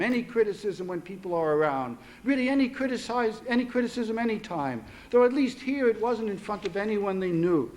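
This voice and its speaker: A man reading his own short story aloud at a literary event, with steady narration and quick self-corrections. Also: high voice. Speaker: author reading his fiction.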